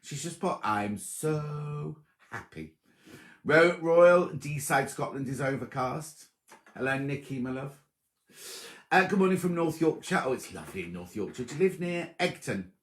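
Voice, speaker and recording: A man's voice: a little high, animated, moderate pace. A man hosting a sewing livestream, chatting casually and teasing as he greets viewers by name. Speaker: sewing show host. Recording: roomy echo.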